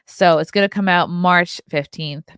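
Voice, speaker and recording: A woman's voice: on the low side, unhurried, a bit bright, clear, resonant tone, no room sound, clean studio sound. A woman hosting a casual morning livestream, chatting loosely with her viewers and yawning now and then. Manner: chatty, keeps yawning and laughing. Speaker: podcast host.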